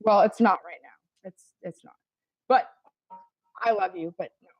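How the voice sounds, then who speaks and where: A woman with a medium-pitched voice speaks at a moderate pace over lo-fi audio with no echo and faint music in the background. A livestream participant, she defends herself in a heated, casual voice-chat argument, swearing constantly in an exasperated, defensive rant.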